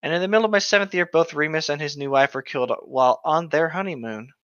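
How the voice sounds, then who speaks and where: A grim young wizard delivering hard news, as a man reads his lines. The read is quick and flat, with a bright, fairly high voice. The sound is dry and close. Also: clean tone, dry recording, lo-fi sound, lightly acted. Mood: somber. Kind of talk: casual read-aloud of fan fiction.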